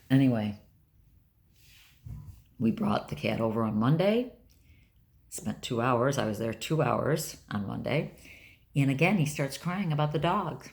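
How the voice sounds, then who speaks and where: A woman's voice: a bass voice, sing-song, unhurried, creaky, pauses often, a little mellow. An older woman talking candidly and bluntly in a rambling personal vlog. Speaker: vlogger.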